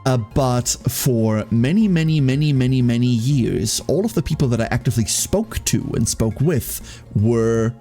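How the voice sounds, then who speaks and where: A man's voice: mid-range voice, moderate pace, warm tone, faint music behind. A man from Germany with a light German accent, casually chatting with his live-stream chat, laughing often and repeating his phrases.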